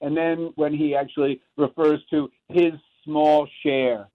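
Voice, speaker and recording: Thoughtful actor on a phone line. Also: male voice, on the high side, steady tone. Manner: thoughtful, halting restarts. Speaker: actor, guest. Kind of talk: reflective interview talk.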